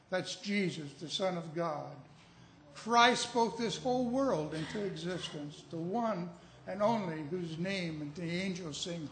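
A man's voice: high-pitched, a little slow, a bit bright, a little hiss or hum. A man preaching a sermon, telling a story and building to emphatic, urgent appeals. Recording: echoey room.

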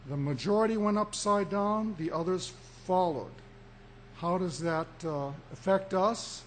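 A man preaching a sermon as pastor, with emphatic delivery and deliberate pauses that rise for emphasis. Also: high voice, a little hiss or hum.

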